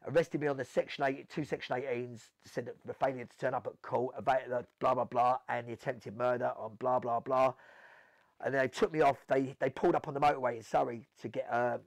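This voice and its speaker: A man with a South London accent, telling stories in an animated way as an interview guest, acting out what people said. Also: medium pitch, fairly quick, gravelly, no echo. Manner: animated storytelling, acts out quotes, swears. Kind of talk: storytelling interview.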